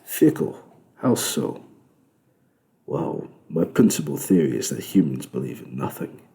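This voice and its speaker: A man's voice: extremely low pitch, sing-song, measured pace, creaky, mellow, full character voice. A man voicing a suave, sardonic male devil who runs a club, speaking with a British accent in a smug, lecturing way. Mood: amused.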